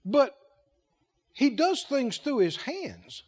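A man's voice: extremely high pitch, sing-song, takes it slowly, a little mellow, husky. A man preaching a sermon as head of a ministry, emphatic and repetitive, asking the congregation questions and acting out quotes.

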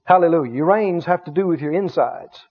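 A man's voice: fairly high pitch, a little fast, gravelly, breathy edge. A man preaching a sermon as a pastor, with emphatic delivery that stretches out key words and calls the congregation to respond. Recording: dull lo-fi sermon recording.

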